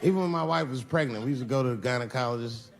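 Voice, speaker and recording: Man, stand-up comedian, mid pitch, conversational storytelling, long hall reverb, faint noise. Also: very fast, gravelly. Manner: conversational storytelling with acted-out quotes.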